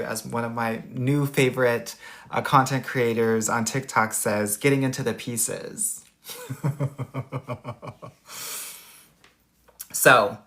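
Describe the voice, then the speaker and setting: A man's voice: medium pitch, bright, forceful tone. A middle-aged man with a Valley Girl accent, a dating coach chatting sassily and campily with viewers on a live stream. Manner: sassy, campy, playful. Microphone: phone or laptop mic, livestream.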